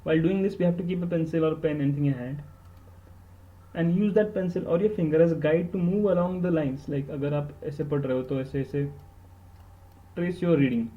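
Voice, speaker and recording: A man with an Indian accent talks through study advice in a fairly high voice. He is earnest and emphatic, stacking "very" on "very" to stress a point. The recording sounds dull and lo-fi. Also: steady tone, quick pace. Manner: earnest and emphatic, repeats words for stress, switches into Hindi. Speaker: exam topper giving study tips. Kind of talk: instructional podcast talk.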